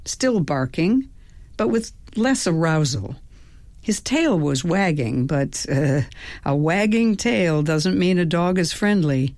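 A woman hosting a radio reading, narrating a novel in a calm, measured first-person voice. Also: low voice, dry recording. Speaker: radio host and reader.

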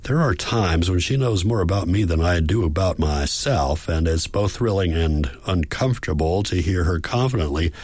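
A man reading a first-person audiobook in a measured, reflective way. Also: low-pitched, animated, a little mellow, husky, no echo. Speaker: audiobook narrator.

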